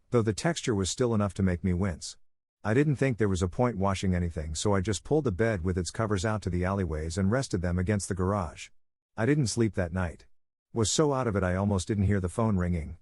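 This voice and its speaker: A man with a fairly low voice reads stories aloud at a steady, even pace. The sound is dry and close, with no room around it. It suits a calm read-aloud channel. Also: dry recording. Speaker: narrator of online stories. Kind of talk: read-aloud story narration.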